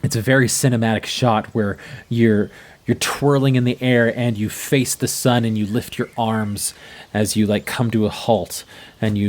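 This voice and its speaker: A man's voice: on the low side, steady tone, a little slow. A man narrating as game master of a tabletop game, playful and vivid.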